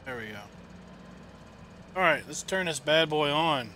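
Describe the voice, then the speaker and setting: Man, game streamer, chatty, rambling, filler words, piercingly bright tone. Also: on the high side, animated, a little slow, a little hiss or hum. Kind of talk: casual gameplay chat and storytelling.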